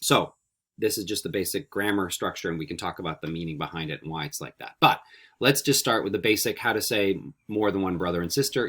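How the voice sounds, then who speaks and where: A man teaching a Spanish vocabulary lesson, repeating each word slowly and coaxing students with friendly questions. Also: low-pitched, pushed and bright, slightly rough. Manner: slow, carefully repeated word drills. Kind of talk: recorded classroom vocabulary lesson.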